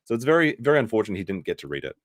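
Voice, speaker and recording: A man's voice: fairly low pitch, very animated, racing, no echo, studio quality. A man giving casual live commentary on a stream, rambling and correcting himself as he goes. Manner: rambling, self-correcting, mimics people he quotes.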